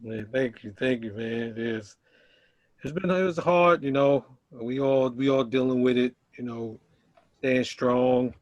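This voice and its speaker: A man reciting a spoken word poem in a slow, rhythmic, emphatic way. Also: medium pitch, no echo, muffled recording. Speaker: poet. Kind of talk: spoken word poetry reading.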